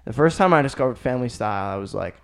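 A man's voice: mid-range voice, very fast, vocal fry. A young man co-hosting a podcast, telling casual stories and acting out relatives' voices. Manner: animated storytelling, acts out family members' voices. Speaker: podcast co-host. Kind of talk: casual chat.

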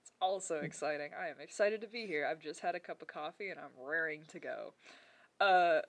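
A woman's voice: low-pitched, a little fast. A woman co-hosting a folklore podcast in casual, chatty talk with frequent laughs and rambling asides. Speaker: podcast co-host.

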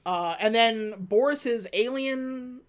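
A podcast co-host telling a film's plot in casual chat, animated and full of fillers and restarts. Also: medium pitch, slow pace. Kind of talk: casual movie recap chat.

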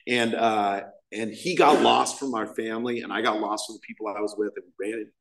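A man's voice: lowish voice, steady tone, brisk, vocal fry, a bit bright. A middle-aged man, the main speaker at a recovery meeting, telling his story in a rambling, self-deprecating way with chuckles. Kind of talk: personal recovery share, casual storytelling.

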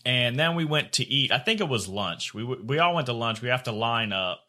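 A man's voice: mid-range voice, lively intonation, a little fast, pushed and bright. A man co-hosting a podcast, telling a crude story in casual chat, swearing and laughing often. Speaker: podcast co-host.

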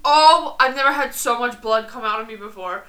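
A woman co-hosting a casual podcast who talks in a lively, slangy way. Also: a little high, normal speed. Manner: lively, slangy, says "brother" and "bro". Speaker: podcast co-host. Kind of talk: casual chat.

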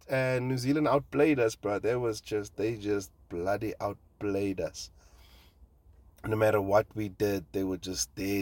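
Profane, excitable man rambling. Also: medium pitch, no echo. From South Africa. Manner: profane, excitable, trails off with fillers. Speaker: comedian and podcast host. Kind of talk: casual rambling monologue.

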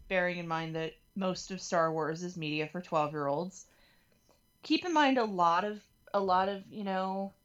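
A woman's voice: lowish voice, muffled recording. A woman hosting a podcast in casual chat, speaking in long digressive sentences with a wry edge. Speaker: podcast host.

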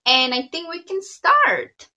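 A woman co-hosting a podcast in casual chat, talking in a warm, chatty way with many fillers. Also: extremely high pitch, big pitch swings, takes it slowly, poor audio. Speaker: podcast co-host.

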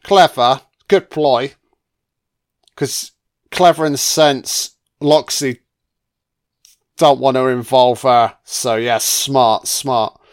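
A man's voice: mid-range voice, steady tone, slow pace, pauses often. Crude, swearing man. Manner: crude, swears freely, voices characters mockingly. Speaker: film commentator. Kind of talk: casual film commentary.

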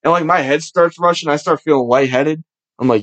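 A young man hosting a podcast, talking loud and crude with lots of swearing, jumping into quick voices for the people in his stories. His voice sits a little high for a man. The sound is close and dry. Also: no echo. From Buffalo, New York area. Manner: loud, swearing, storytelling with animated impressions. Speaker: podcast host. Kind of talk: casual podcast chat.

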